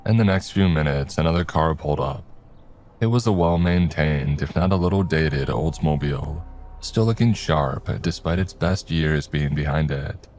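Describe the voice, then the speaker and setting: A man narrating a scripted horror story in a steady, measured way. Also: a bass voice, slight background noise. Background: faint music.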